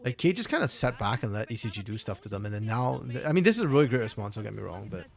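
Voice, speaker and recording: A man's voice: on the low side, big pitch swings, very fast, creaky. A man co-streaming an esports match, talking in a chatty, laid-back way and answering chat. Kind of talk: casual live-stream commentary.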